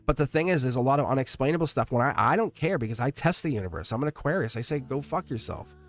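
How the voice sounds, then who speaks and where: A middle-aged man hosting a live tarot reading stream, talking warmly and at length to his viewers, rambling with frequent restarts and laughs. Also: mid-range voice, lively intonation, racing, no echo, soft background music. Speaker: live tarot reader and channel host.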